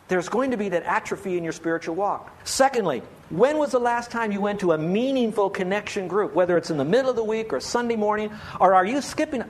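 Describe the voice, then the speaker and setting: A man's voice: high voice, a little hiss or hum. A pastor giving an earnest, pleading sermon, asking his listeners many rhetorical questions.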